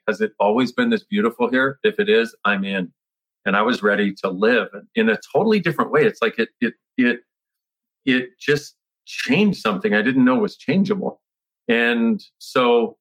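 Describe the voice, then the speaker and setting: Brief: middle-aged man, interview guest, bright and forceful tone, lively storytelling with acted-out quotes. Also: medium pitch, low-quality recording. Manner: animated, acts out his past self with exclamations; frequent restarts and filler words. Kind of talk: personal storytelling in conversation.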